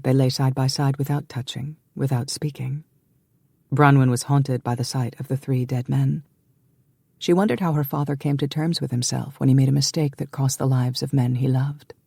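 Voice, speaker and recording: A man reading a historical romance audiobook in a measured, deliberate way, recorded close on a studio mic. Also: medium pitch, vocal fry, warm tone, breathy edge, no echo. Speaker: audiobook narrator. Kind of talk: scripted narration.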